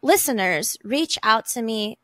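An enthusiastic woman with a fairly high voice talks through advice as a podcast guest, warm and expressive in a relaxed interview. The sound is dry and close, with no room echo. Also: measured pace. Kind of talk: conversational interview.

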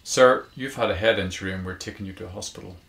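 A man reading a story voices a calm, matter-of-fact paramedic explaining what happened. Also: low-pitched, fast, vocal fry, echoey room. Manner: calm, informative.

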